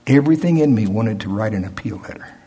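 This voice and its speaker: Older man, preacher, sermon, folksy storytelling, husky voice. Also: on the low side, expressive, quick pace, warm tone.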